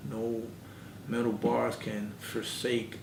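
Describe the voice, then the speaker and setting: A man's voice: completely flat delivery, takes it slowly, gravelly. A man as an interview guest, earnestly telling his life story and acting out the dialogue in it. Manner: earnest storyteller who acts out quoted dialogue. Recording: echoey room, mic at a distance, background rumble.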